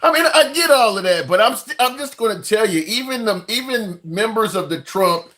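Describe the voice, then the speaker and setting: A man's voice: high-pitched, animated, normal speed, sharp tone. A man hosting a political debate, pushing back and interrupting to make his point. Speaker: host.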